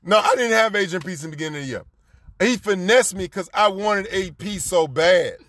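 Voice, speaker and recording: High-voiced man telling a heated story. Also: brisk, dry recording. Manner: animated, profane, laughs often, repeats lines for emphasis. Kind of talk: casual storytelling chat.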